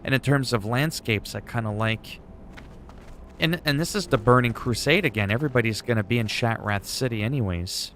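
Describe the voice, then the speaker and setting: A man's voice: mid-range voice, brisk, fairly bright tone, a little hiss or hum. Rambling, enthusiastic male game streamer. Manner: rambling and enthusiastic, with casual swearing. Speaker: livestreamer. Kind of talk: casual gameplay chat.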